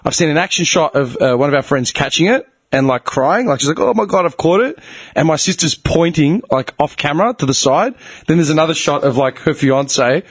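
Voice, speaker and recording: A man's voice: on the high side, brisk, dry recording. A man hosting a casual podcast chat, telling rambling stories full of "dude" and "man". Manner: rambling storyteller, swearing, lots of "dude" and "man". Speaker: podcast host.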